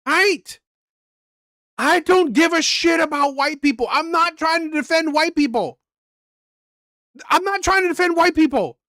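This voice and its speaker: A man's voice: very high-pitched, animated, a little slow, long pauses, bright, forceful tone, no echo, studio quality. A man hosting a reaction channel, talking casually in a rambling way, repeating words and asking "right?" often.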